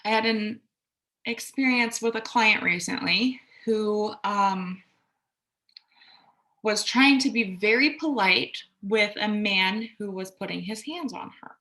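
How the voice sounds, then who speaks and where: A woman's voice: mid-range voice, slow pace, sharp tone. Candid woman talking through self-care advice. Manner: candid, conversational, swears casually and acts out quoted voices. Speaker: astrology and self-care podcaster. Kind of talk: reflective casual monologue.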